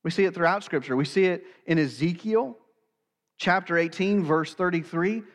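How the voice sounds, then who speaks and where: A man preaching a sermon in earnest, slowing down to stress key phrases. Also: high-pitched, in a large hall. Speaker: pastor.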